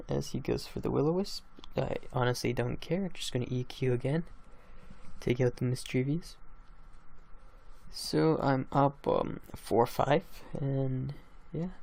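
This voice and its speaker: A man's voice: mid-range voice, creaky, mellow. A drowsy young man recapping his online game battles in a casual, rambling way, laughing at his own plays. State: drowsy, just woke up. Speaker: gaming channel host.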